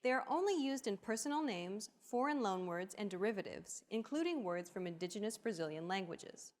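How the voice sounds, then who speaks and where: A woman giving scripted, explanatory narration in a language lesson, in an even delivery. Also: mid-range voice, fairly quick.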